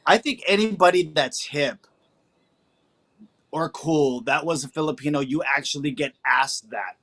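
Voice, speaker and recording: A man's voice: a little high, unhurried, fairly bright tone. A man co-hosting a casual podcast, joking around in slangy banter. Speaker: podcast co-host. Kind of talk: casual chat.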